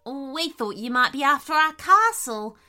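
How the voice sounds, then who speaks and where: Woman playing a level-headed wombat, calm and soft-spoken, slow. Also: high voice, soft background music, voice pushed up, heavily acted. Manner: calm, apologetic, quiet.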